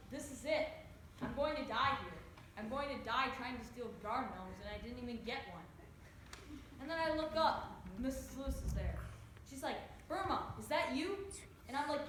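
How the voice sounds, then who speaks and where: A woman's voice: high voice, close to an everyday voice. A young woman acting a brash, scornful teen girl in a stage monologue, recorded on an echoey stage. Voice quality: sarcastic. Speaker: student actor. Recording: echoey stage, audible hiss.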